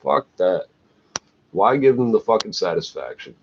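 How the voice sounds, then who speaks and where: Swearing man ranting, low voice. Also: sing-song, moderate pace. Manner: agitated, swearing, trailing "eh?". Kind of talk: rambling profane rant. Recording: dull lo-fi recording, faint noise.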